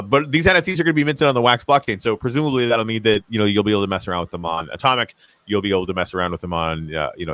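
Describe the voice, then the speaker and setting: A young adult man co-hosting a casual show, talking with excitement and lots of fillers. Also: lowish voice, no room sound. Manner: enthusiastic, rambling with many fillers. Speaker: co-host. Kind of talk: casual podcast chat.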